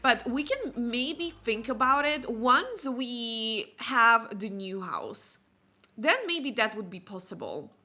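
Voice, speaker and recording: A woman's voice: on the high side, sing-song, slow, pushed and bright. A woman host chatting casually and playfully while playing a life-sim game. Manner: chatty, playful, many fillers. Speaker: let's play host. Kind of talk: casual gameplay commentary.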